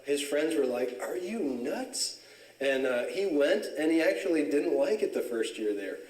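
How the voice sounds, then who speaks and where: A man's voice: on the high side, normal speed. A man from Southern California tells personal stories in a casual religious talk, easygoing and full of fillers and chuckles. His voice carries through a reverberant church. He is picked up from some distance away from the mic. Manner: relaxed storyteller, frequent fillers and chuckles.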